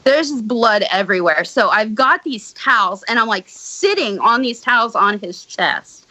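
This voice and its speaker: A woman podcast guest with a bright, higher-pitched voice tells a story in casual conversation, blunt and swearing freely as she builds it up with animated energy at normal speed. The sound is close and dry, and the recording is low quality.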